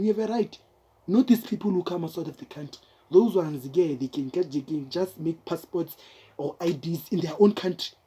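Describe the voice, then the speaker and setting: A woman with a South African accent, her voice low and a little husky, with a dark, mellow tone. She speaks in casual commentary to her viewers, emphatic and repetitive, and keeps calling them guys. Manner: emphatic, repeats words, addresses viewers as guys.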